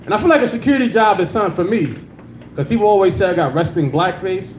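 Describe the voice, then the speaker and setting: A man's voice: high-pitched, lively intonation, fast talker. A man performing a casual, crude stand-up comedy set on a club stage with a handheld mic. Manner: casual, crude, laid-back, with frequent filler. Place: club stage before a live audience. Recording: roomy club sound with faint noise.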